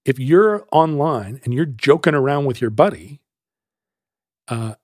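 A man's voice: mid-range voice, measured pace, no room sound, clean studio sound. A man hosting a casual talk show, telling a long story and acting out the voices of the people in it. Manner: animated storyteller who acts out quoted voices. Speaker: podcast host.

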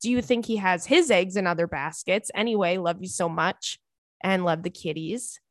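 A woman's voice: lowish voice, moderate pace, no room sound, clean studio sound. A young woman hosting a podcast, giving listeners frank, casual advice and swearing freely. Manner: blunt, candid, swears freely. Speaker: podcast host.

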